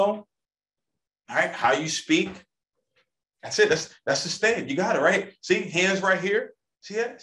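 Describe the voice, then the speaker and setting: A man's voice: high voice, fairly bright tone. A man giving an emphatic motivational training talk to a live audience, repeating key phrases and often checking in with "okay?". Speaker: sales trainer. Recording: echoey room.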